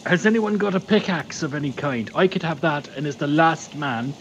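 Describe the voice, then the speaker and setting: A man's voice: on the high side, normal speed, a bit bright, a little hiss or hum. A man playing a tabletop game, asking questions with dry humour. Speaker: player. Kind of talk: casual tabletop play.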